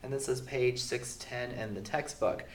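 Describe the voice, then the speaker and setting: A man who is sick, teaching a recorded math lesson in a relaxed way with many fillers, going through the steps slowly. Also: medium pitch. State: sick, voice sounds off. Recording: roomy echo.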